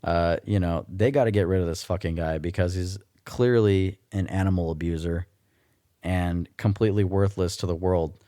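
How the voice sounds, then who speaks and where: A man's voice: sits low, steady tone, moderate pace, dark tone, no echo, clean studio sound. A man hosting a solo podcast, ranting in a casual, blunt and profane way. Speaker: podcast host.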